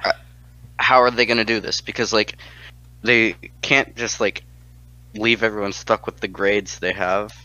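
A man's voice: on the low side, little pitch movement, measured pace, pauses often, bright, forceful tone, no echo, highs cut off. A teenage boy in casual chat, restless and full of "like" as he changes the subject. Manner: restless, lots of "like".

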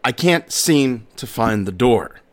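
A man voicing an odd, emotionless man in black who asks strange questions in a flat way. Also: mid-range voice, takes it slowly. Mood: deadpan.

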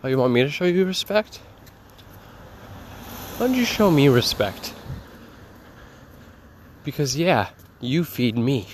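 A man's voice: mid-range voice, moderate pace, pauses often, a little hiss or hum, close to an everyday voice. A man voicing a grumpy, fed-up male house cat that yowls and then curses in sulky outbursts. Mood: resentful. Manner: yowling meows, then cursing in sulky outbursts.

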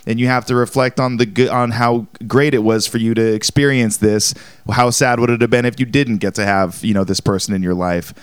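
A man's voice: mid-range voice, steady tone, fairly quick, smooth, no echo. A man telling a comedic story in a casual, rambling way, leaning heavily on the filler "like". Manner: rambling, heavy use of "like".

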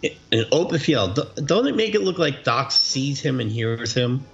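Gravelly low-voiced man in lo-fi audio. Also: big pitch swings, normal speed. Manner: laid-back, questioning, storytelling. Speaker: podcast co-host. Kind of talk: casual movie commentary chat. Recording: dull lo-fi audio.

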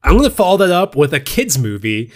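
Co-hosting a podcast about movies, a man chats casually in a loose, joking way and laughs often. His voice runs on the high side, sing-song and quick, with background noise behind him.

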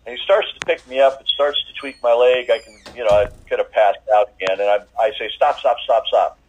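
A man giving a personal faith testimony as an interviewee, talking in a halting way with many fillers and restarts. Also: medium pitch, highs cut off.

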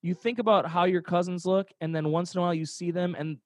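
A man's voice: high voice, fairly even intonation, fast talker, no room sound, studio quality. A young man casually telling a rambling, profane story, laughing along the way. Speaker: podcast storyteller.

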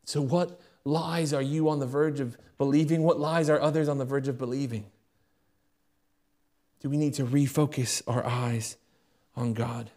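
A young British man preaching a sermon as a pastor, swinging between loud raised appeals and hushed, quick asides. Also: mid-range voice, steady tone. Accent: British English.

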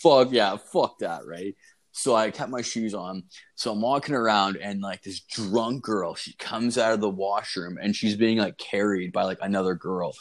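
A man's voice: on the low side, moderate pace. A young man co-hosting a casual podcast, telling crude stories with lots of swearing and laughter. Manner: profane, laughing, animated storytelling. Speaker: podcast co-host.

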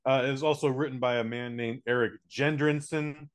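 Dude cohosting a podcast, rambly and sweary, jokes around, normal middle pitch voice. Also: male voice, fairly even intonation, brisk. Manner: profane, rambling, joking. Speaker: podcast co-host reviewing movies. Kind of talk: casual podcast chat.

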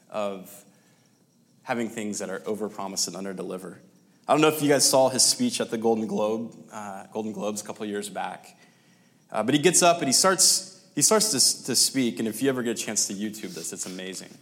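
A man preaching a sermon, telling a story with pauses and restarts and dropping to near-whispers. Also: fairly low pitch.

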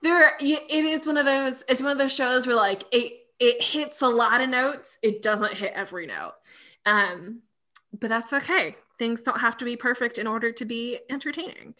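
Bright-voiced woman chatting thoughtfully. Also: on the high side, moderate pace. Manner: thoughtful, hesitant, with fillers and restarts. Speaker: podcast co-host. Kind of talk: casual chat.

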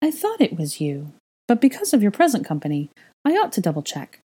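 A woman's voice: mid-range voice, huge pitch swings, brisk, mellow, husky, pitched above the performer's own voice. A woman voicing an airy, blunt young witch who speaks lightly and without tact.

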